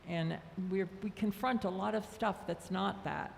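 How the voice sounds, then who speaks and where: A woman's voice: mid-range voice, steady tone, normal speed, gravelly. A woman serving as minister, talking conversationally to her congregation and laughing easily during a Sunday service. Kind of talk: casual talk at a Sunday service. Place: church sanctuary with a congregation. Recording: reverberant hall, faint crowd and noise.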